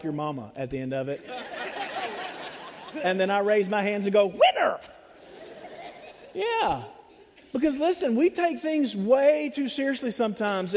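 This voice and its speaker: High-voiced preacher in a reverberant church. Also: male voice. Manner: animated, humorous, acts out voices of others. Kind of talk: sermon. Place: church sanctuary. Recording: long hall reverb.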